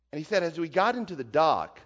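A man with a high-pitched voice preaches a sermon with great emphasis, dropping to near whispers and then rising to shouts. His voice carries a long hall reverb, and the recording sounds dull and lo-fi. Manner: emphatic, swings from hushed to shouting.

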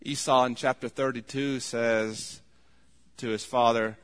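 A man preaching a sermon in an earnest tone, voice rising to loud pleading when he quotes. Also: mid-range voice, measured pace. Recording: long hall reverb.

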